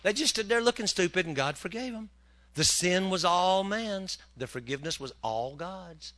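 Male preacher, folksy and joking, bright slightly high voice, acts out bits. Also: animated. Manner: folksy, joking, acts out characters in quick asides. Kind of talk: humorous sermon.

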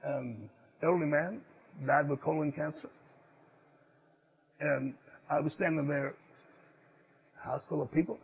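A man preaching a sermon, swinging from loud, emphatic declarations to low, hushed asides. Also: unhurried, gravelly, pauses often, slightly rough. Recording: dull lo-fi sound.

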